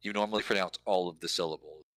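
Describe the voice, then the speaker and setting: A man's voice: deep voice, fast talker, a bit bright, dry recording, low-quality recording. A man in casual conversation, explaining points at length and thinking aloud with fillers as he goes. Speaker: lyric and language helper.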